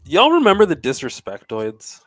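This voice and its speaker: A man's voice: on the high side, wildly swooping pitch, moderate pace, dry recording. A man co-hosting a casual show, chatting while watching gameplay, rambling with restarts. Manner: rambling, frequent restarts and laughs. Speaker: podcast co-host.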